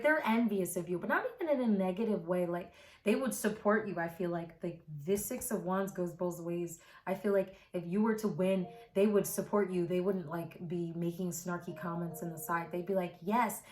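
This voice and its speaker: A woman's voice: fairly low pitch, moderate pace, darkish tone. A woman giving a casual tarot reading to camera, rambling and filled with repeated words and fillers. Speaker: tarot reader. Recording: roomy echo with faint background music.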